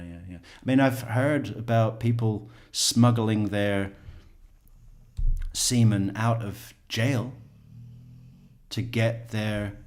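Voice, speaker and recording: Rambling, profane male commentator. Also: on the low side. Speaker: true crime commentator. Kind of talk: casual commentary.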